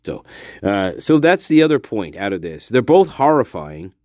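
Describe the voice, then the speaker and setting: A man's voice: lowish voice, sing-song, normal speed, a little mellow, no echo, clean studio sound. A male true-crime channel host giving profane, exasperated, emphatic ranting commentary.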